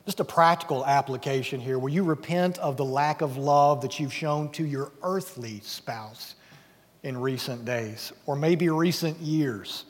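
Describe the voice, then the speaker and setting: An earnest male pastor preaches a sermon with a somewhat high voice, sometimes sinking to a quiet hush. His words ring out with the long reverb of a large church hall. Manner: earnest, dropping to a hush at key points. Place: church sanctuary.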